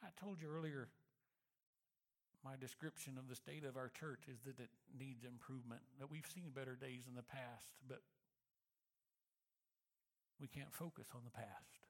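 A man speaking to his church, telling a personal story in a reflective manner that slows and softens for emphasis. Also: medium pitch, steady tone. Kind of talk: storytelling sermon.

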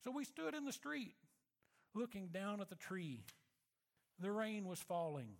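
High-voiced man telling a sermon story. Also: sing-song, vocal fry. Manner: reflective, slows and softens for emphasis.

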